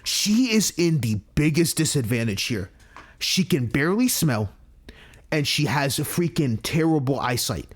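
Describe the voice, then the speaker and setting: A young man giving let's-play commentary as the channel's host, excitable and profane, with lots of slang. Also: fairly high pitch, a little slow, breathy edge.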